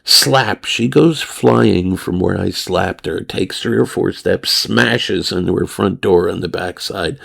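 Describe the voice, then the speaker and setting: A low-voiced man with a gravelly, creaky edge tells a crude story at an unhurried pace. He rambles, speaks bluntly, and plays out both sides of the exchange himself. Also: fairly bright tone. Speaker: podcast host.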